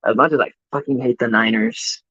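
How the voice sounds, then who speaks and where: A man with a brisk, medium-pitched voice that's fairly bright and slightly rough rants about college football on a casual live stream, swearing heatedly and welcoming chat viewers. The recording has no echo, with a dry, slightly dull mic sound.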